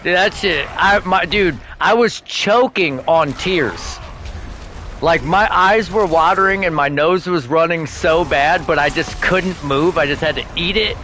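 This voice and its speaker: A man's voice: on the high side, measured pace, a little hiss or hum. A man streaming a game, telling stories in casual chat with lots of swearing and bursts of laughter. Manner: animated, profane storytelling with bursts of laughter. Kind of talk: casual chat while gaming.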